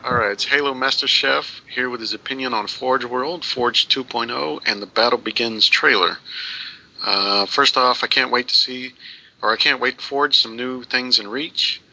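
A man's voice: medium pitch, steady tone, moderate pace, pushed and bright. A man co-hosting a podcast, reading listener posts aloud in a playful, jokey way. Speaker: podcast co-host. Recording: muffled lo-fi audio.

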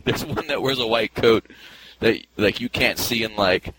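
A man's voice: normal speed, background noise. A man co-hosting a podcast in casual chat, laughing often as he reads listener mail. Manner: laughs often, lively pitch. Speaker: podcast co-host.

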